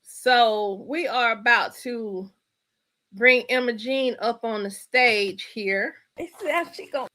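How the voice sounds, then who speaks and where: Bright high-voiced woman hosting a stream. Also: slow pace. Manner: playful, greets chat viewers by name. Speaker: live-stream host. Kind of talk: casual live-stream chat.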